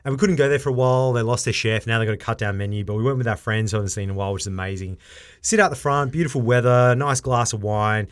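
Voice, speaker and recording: A man co-hosting a casual podcast, who laughs often and acts out quotes in a raised, animated voice. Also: medium pitch, quick pace. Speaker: podcast co-host.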